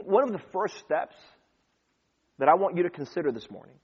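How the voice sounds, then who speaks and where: A man's voice: high voice, lively intonation, brisk, a little mellow, slightly rough. A man preaching a sermon in a conversational way, quoting scripture and briefly acting out the people in the stories. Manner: conversational preaching with scripture quotes, acts out dialogue. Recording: dull lo-fi recording.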